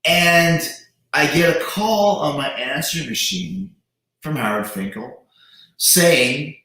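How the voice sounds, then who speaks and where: A man hosting a casual livestream chat, talking animatedly with quick restarts. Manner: animated, restarts, imitates voices with big pitch jumps. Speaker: host. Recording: very echoey room.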